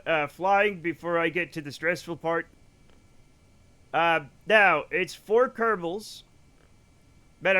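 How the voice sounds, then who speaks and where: Excitable high-voiced male streamer. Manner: excitable, loud bursts greeting viewers. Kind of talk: live game stream chat.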